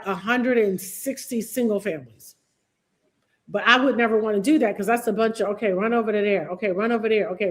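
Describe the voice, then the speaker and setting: A woman teaching real estate investing on a live stream, emphatic and repetitive, calling on viewers by name. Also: a little high. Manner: emphatic, repeats key phrases, addresses viewers by name.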